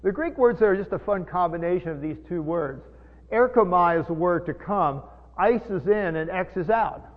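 A pastor with a high voice preaches a sermon at normal speed, teaching from the Bible in a folksy style, explaining Greek words and putting questions to his listeners. The recording has a long hall echo and a tinny, phone-like sound.

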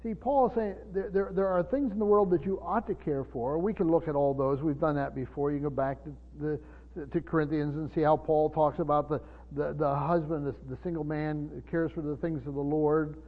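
A man preaching a Bible study sermon, often pausing, repeating words and asking his listeners questions. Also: a little high, steady tone. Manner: halting, repeats words, asks the room questions. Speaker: pastor. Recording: tinny phone-like sound in a reverberant hall.

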